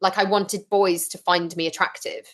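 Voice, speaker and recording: Frank woman, lowish voice. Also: normal speed. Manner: frank, animated storytelling with blunt swearing. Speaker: podcast guest. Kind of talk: casual interview chat.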